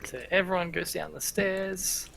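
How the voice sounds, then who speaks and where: A man's voice: high-pitched, little pitch movement, measured pace, creaky, pushed and bright. A man acting as game master, narrating a tabletop game in a loose way with fillers.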